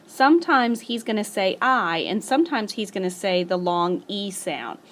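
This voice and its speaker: A woman's voice: medium pitch, lively intonation, normal speed, fairly bright tone. Patient woman teaching a spelling lesson. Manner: patient, stretches out example words. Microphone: screencast voice-over.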